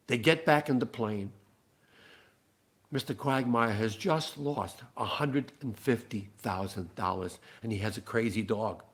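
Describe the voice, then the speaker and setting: A man telling a long comic story in a playful, animated way. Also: on the low side, unhurried. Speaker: singer-songwriter and storyteller. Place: living room.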